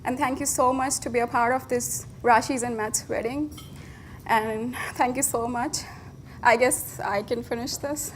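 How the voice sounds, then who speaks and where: A woman from India with an Indian English accent, giving an emotional and nervous wedding toast as the bride's best friend, halting and restarting. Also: a little high, steady tone, very noisy. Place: wedding reception.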